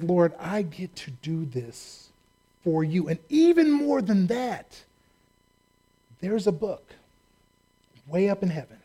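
Male American preacher, high voice, animated and funny in the pulpit. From United States. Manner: animated, joking asides and acted-out quotes. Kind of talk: humorous sermon.

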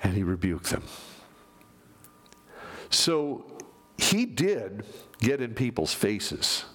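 A man preaching a sermon, animated, moving from loud emphasis down to near-whispers. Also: fairly low pitch, extremely slow, breathy edge. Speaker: pastor.

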